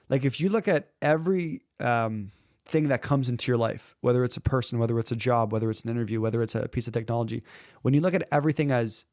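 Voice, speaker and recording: Brief: male coach, animated storyteller, does character voices, lots of "um", dry close sound. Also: mid-range voice, dry recording. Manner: lively storyteller who acts out quoted characters; frequent filler words and restarts. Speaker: public speaking coach. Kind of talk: conversational interview storytelling.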